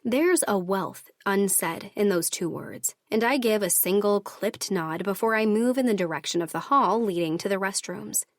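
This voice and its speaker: A woman narrating a first-person romance audiobook in a measured, even storytelling manner. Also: medium pitch, no room sound, studio quality.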